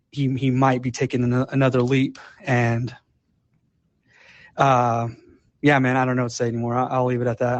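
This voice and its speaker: A man calling in to a live podcast, talking casually in halting, rambling sentences full of fillers. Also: medium pitch, dry recording. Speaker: caller. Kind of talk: casual call-in chat. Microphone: live audio app.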